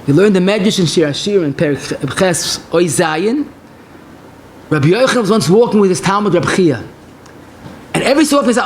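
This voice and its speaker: A man's voice: sits high, animated, brisk, long pauses, a little hiss or hum. A man giving a passionate Torah lecture as a rabbi, telling stories in mixed with Hebrew and phrases.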